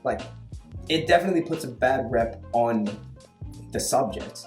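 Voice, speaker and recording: Young adult Australian man, former student, animated storyteller; echoey room with faint music. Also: mid-range voice, moderate pace. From Western Sydney, Australia. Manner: animated storyteller, acts out dialogue. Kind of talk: casual chat.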